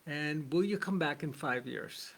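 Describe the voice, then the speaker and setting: A man's voice: on the high side, measured pace, a bit bright. A man voicing a man reborn as a family pet, devoted to his home, in a plain explaining tone.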